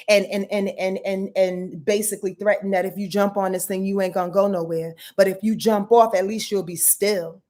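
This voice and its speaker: A woman's voice: mid-range voice, mellow. A woman giving a casual live astrology rundown as host of her channel. She talks to her viewers in a blunt, profane, emphatic way and answers their comments as she goes.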